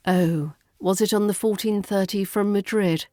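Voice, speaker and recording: A woman's voice: medium pitch, steady tone, moderate pace, mellow, no room sound, studio quality, natural voice. A woman with a British RP accent voicing a weary female airport desk clerk, exhausted but still trying.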